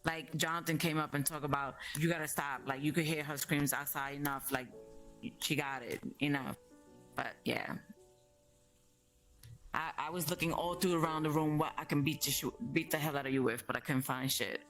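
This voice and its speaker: A middle-aged woman, telling a family story in a blunt, animated way. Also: low-pitched, moderate pace, faint music behind. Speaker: mother of the streamer, guest. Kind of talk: casual storytelling chat.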